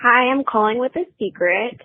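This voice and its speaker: A woman leaving a halting voicemail confession, with frequent ums. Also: a little high, no room sound. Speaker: caller. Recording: tinny phone line.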